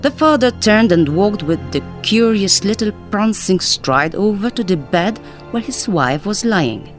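A woman's voice: medium pitch, animated, measured pace, soft background music. A woman with a Maltese accent, an actress reading a short story aloud and chatting as a guest. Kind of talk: storytelling reading, then interview chat.

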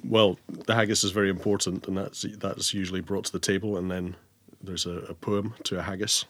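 A Scottish man, a guest in a casual interview, explaining things in a halting way with restarts. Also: low-pitched, flat delivery, a bit bright. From Scotland.

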